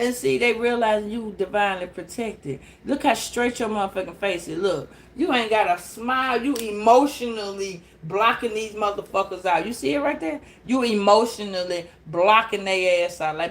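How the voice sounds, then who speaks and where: A woman giving a casual tarot reading, blunt and profane, animated and laughing often. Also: on the high side, moderate pace, slight background noise. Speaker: tarot reader.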